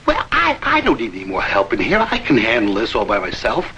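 A man's voice: fairly low pitch, huge pitch swings, fairly quick, bright, forceful tone, highs cut off, slight background noise, heavily acted. An actor playing a confused, defensive counterman in a 1970s TV sitcom, hesitating over orders. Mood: muddled. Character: muddled touchy middle-aged counterman.

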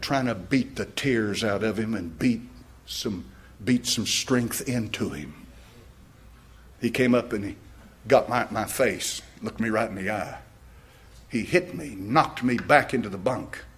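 A man's voice: medium pitch, a little hiss or hum. An older American man, a pastor, preaching a sermon with stories and fervent questions. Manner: storytelling, rising to fervent questions, laughing at own stories.

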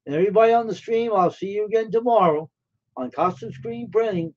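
On a live stream, a male host chats with viewers in a friendly, rambling way, full of fillers and repetition. His high voice is brisk and a little mellow, and the stream audio is dull and lo-fi.

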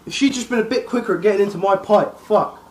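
A man playing a party video game, complaining loudly and swearing nonstop. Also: high voice, quick pace, roomy sound. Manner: frustrated, swears constantly. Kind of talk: casual gaming commentary.

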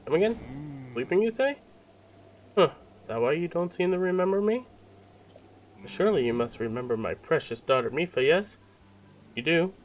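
A man's voice: a little high, very animated, moderate pace, pauses often, pitched above the performer's own voice. A man putting on a grand old fish-folk king. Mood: puzzled. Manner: grand, theatrical line reading. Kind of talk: reading game dialogue aloud.

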